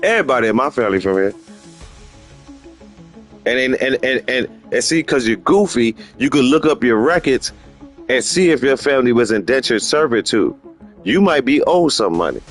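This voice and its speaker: A man's voice: moderate pace, faint music behind. Rambling slangy middle-aged man streaming. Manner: rambling and opinionated, slips into animated high-pitched quoting of others; slangy street vernacular, repeats himself for emphasis. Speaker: gaming livestream host. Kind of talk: casual livestream commentary.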